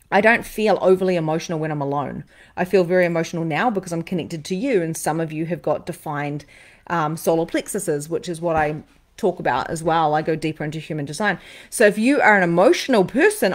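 A woman psychic medium and podcast host talking live to her viewers, animated, repeating phrases for emphasis and swearing freely. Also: fairly low pitch. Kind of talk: live-stream talk to viewers.

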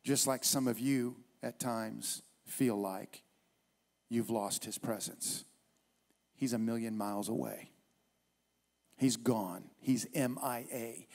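A man's voice: medium pitch, gravelly, a little mellow. A male pastor preaching a sermon at a church service in an emphatic, repetitive way.

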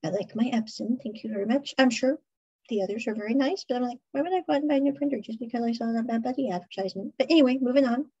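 A woman hosts a podcast and recaps an episode in a loose, chatty ramble, laughing often as she goes. Her voice sits fairly high with a breathy, husky edge. The recording sounds muffled and lo-fi. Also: rapid-fire, warm tone. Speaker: podcast host.

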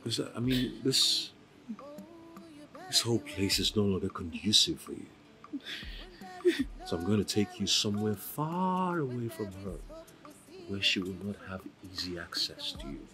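An actor playing a gentle young man who reassures and comforts softly. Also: fairly low pitch, expressive, unhurried, pauses often. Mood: soothing. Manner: soothing, reassuring, repeating himself.

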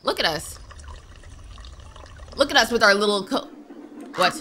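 A young woman giving let's-play commentary, jumpy and excitable, quick to panic and squeal at scares. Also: on the high side, background noise. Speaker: gaming YouTuber.

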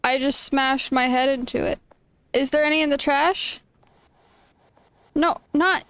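A woman's voice: sits high, fairly even intonation, unhurried, a bit bright, no echo. A young woman streaming a game, chatting casually, reading game text aloud and exclaiming often. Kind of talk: casual gameplay commentary.

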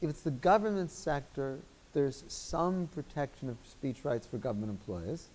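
A man with a Chicago accent, a guest lecturer giving measured, articulate legal answers in a law school lecture room. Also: medium pitch, animated, darkish tone. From Chicago, United States.

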